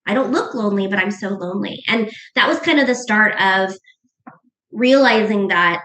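A woman's voice: mid-range voice, animated, moderate pace, fairly bright tone. A middle-aged woman telling a personal story as a podcast guest, earnest and emotional, often restarting her sentences. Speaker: guest author. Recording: echoey room.

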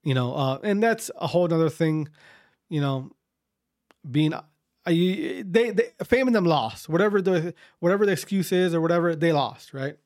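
In studio-quality audio with no room sound, a man whose voice is a little high and darkish, with lively intonation and a moderate pace, rambles through a long story for his viewers. He repeats himself and swears a lot.

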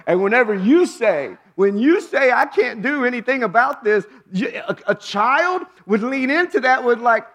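A man preaching a sermon from the pulpit. His voice sits high and swings widely. He sinks into hushed low phrases and then climbs to loud, ringing exclamations. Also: animated, moderate pace, hardly any pauses. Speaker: pastor.

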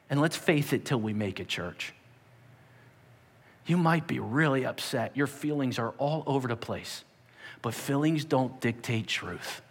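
A male pastor delivering a sermon and prayer, swinging between loud urging and quiet emphasis. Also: medium pitch, big-room sound.

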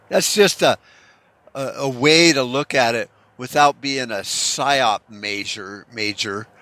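A man's voice: mid-range voice, sharp tone. A man giving rambling, profane, sarcastic commentary, unscripted and full of restarts.

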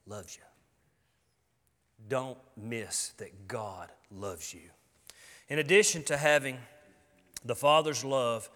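Brief: middle-aged man, pastor, bright forceful voice, folksy emphatic sermon in a reverberant church. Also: medium pitch. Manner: folksy, earnest, emphatic preaching with colloquialisms. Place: church sanctuary. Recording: long hall reverb.

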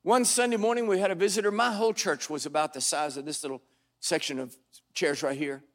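A man's voice: on the high side, level tone, a little fast. Older male pastor telling a wry story. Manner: wry, dramatic storytelling with sudden loud bursts. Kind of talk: storytelling sermon. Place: church sanctuary before a congregation.

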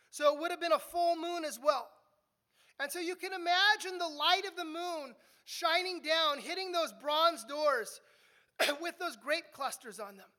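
A woman delivers a verse-by-verse sermon, talking to the congregation as if chatting with them. Her voice sits high and has a bright, forward edge. She often stumbles into repeated words as she restarts a thought. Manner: conversational teaching, repeats words when restarting. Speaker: preacher. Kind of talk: expository sermon.

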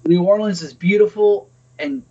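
A man's voice: sits high, animated, moderate pace, a little mellow, highs cut off. A man co-hosting a podcast, rambling and swearing with lots of "like" and "dude". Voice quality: rambling, profane, lots of fillers. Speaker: podcast co-host. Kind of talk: casual chat.

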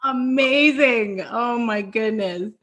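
A woman's voice: on the high side, slow pace. A woman hosting a virtual podcast celebration over a video call, effusive and close to tears as she praises her guests. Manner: effusive, tearful, warm affirmations. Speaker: podcast host. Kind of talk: emotional virtual event hosting.

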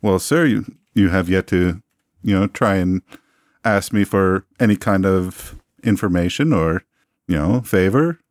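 Deep-voiced florid showman, 1920s curator type, dry close sound voiced by a male player. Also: unhurried, a little mellow, dry recording. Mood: suave. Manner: florid, long-winded, genteel phrasing. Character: pompous male 1920s museum owner, smooth-talking. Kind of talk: tabletop role-play in character.

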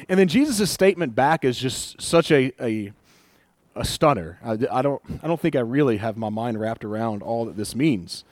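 A man's voice: medium pitch, moderate pace, no room sound. A man preaching a sermon in a casual, conversational way, acting out the lines of the people in the scripture he reads. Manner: conversational, animated quoting of scripture figures. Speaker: pastor.

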